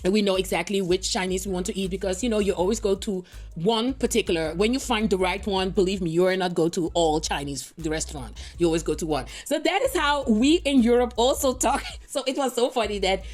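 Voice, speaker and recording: A woman's voice: medium pitch, fast, a little mellow, soft background music. A woman from the Dutch Caribbean whose first language is Papiamento, chatting casually to viewers as a reaction host and often checking that they understand. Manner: chatty, rambling, asks "you understand?" often.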